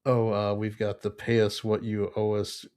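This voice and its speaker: Low, flat-voiced man reading memes aloud. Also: moderate pace, smooth. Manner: laughs often while reading. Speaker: podcast co-host reading memes.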